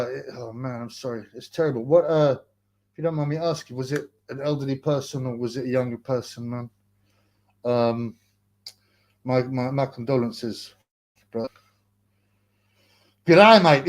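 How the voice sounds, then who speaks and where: A man's voice: medium pitch, dark tone. A young man hosting a casual livestream, rambling in slang, mocking a rival and reading viewer comments aloud. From United Kingdom. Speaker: livestream host.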